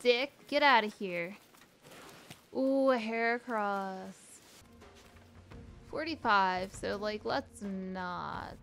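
A young woman streaming a video game, excitable, yelping and swearing as she plays. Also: mid-range voice, extremely slow, vocal fry, pauses often, faint music behind. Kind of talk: live gameplay commentary.

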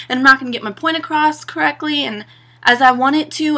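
A young adult woman vlogger rants straight to her camera, sarcastic and exasperated, sprinkling in lots of "like" and "you know." Her voice is bright, slightly husky and a bit higher than average, with lively intonation and a fairly quick pace.

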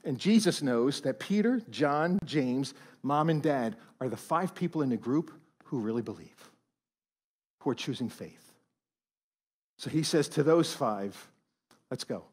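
A man, a pastor, preaching a sermon in a church, animated and swinging from hushed tones to loud emphasis. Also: medium pitch, a little slow. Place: church auditorium.

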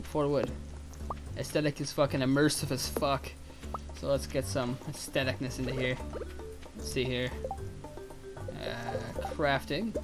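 A man talking loosely through a video game as he plays, thinking out loud and cursing freely. His voice sits at a middling pitch. Faint game music runs behind him. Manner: rambling, swears freely, thinks aloud. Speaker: let's play gamer. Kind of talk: casual gameplay commentary.

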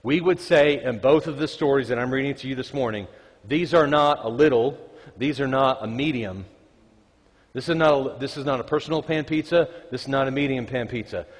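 A man's voice: mid-range voice, fairly quick. A man preaching a conversational sermon, reading scripture aloud and joking with the congregation. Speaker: pastor. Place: church sanctuary. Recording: reverberant church hall.

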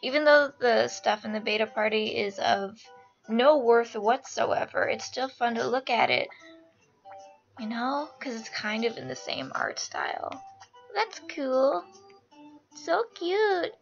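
Excitable young woman gushing over gameplay. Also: fairly high pitch, slow, vocal fry. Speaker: gaming channel host. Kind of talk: casual gameplay commentary. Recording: lo-fi screen-capture audio over game music.

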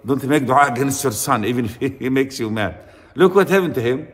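A man's voice: mid-range voice, brisk, long reverb tail, a little hiss or hum. A man with an Arabic accent preaching a storytelling sermon, acting out the characters in his tale and reciting Arabic verses.

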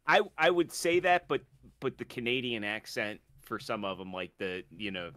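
A man co-hosting a gaming podcast, firing off quick, crude wisecracks that trail off into fillers. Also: mid-range voice, big pitch swings, sharp tone. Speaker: podcast co-host. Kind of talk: casual crude banter.

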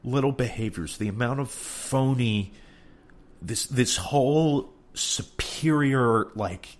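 This young New York man hosts a podcast, speaking slowly at a medium pitch. His talk is a rambling comedic rant, full of swearing and self-deprecation.

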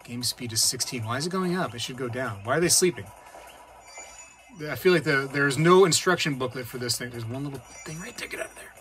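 A man hosting a casual hobby vlog, chatting and reacting out loud while he plays a game. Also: mid-range voice, lively intonation, brisk, soft background music. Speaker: coin-collecting channel host.

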